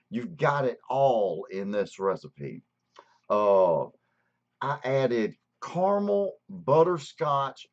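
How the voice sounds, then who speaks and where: A man from Alabama with a Southern accent, hosting a casual livestream and greeting viewers by name as he talks, stretching out words for emphasis. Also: medium pitch. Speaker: channel host. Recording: dull lo-fi stream audio.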